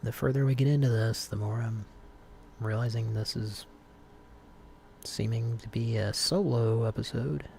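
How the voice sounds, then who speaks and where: Creaky-voiced man hosting a live stream. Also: medium pitch, unhurried, slight background noise. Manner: rambling, relaxed, with many fillers and restarts. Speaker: host of a live call-in stream. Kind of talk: casual live-stream chat.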